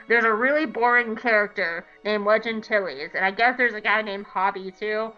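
A woman's voice: medium pitch, moderate pace, hardly any pauses. Irreverent woman recapping a show. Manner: irreverent and swearing, acting out quotes. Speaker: podcast host. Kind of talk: casual comedic episode recap. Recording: dull lo-fi, faint music behind.

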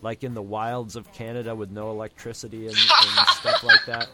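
A man's voice: fairly low pitch, wildly swooping pitch, moderate pace, over loud music. A man co-hosting an anime podcast, chatting casually and telling rambling anecdotes. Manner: rambling storyteller who mimics folksy drawls. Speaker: podcast co-host. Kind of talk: casual chat.

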